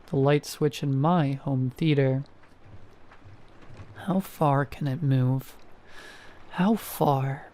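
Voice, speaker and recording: Mellow-voiced man narrating horror. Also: on the high side. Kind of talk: first-person horror story narration.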